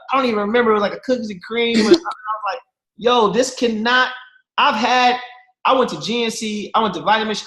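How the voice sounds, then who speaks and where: A man in his thirties telling jokey, slangy stories to a team on a video call and talking straight to his listeners. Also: sits high. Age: 30s. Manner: lively, slangy, jokey, addresses listeners directly. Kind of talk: animated storytelling to a group. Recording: echoey room over a video call.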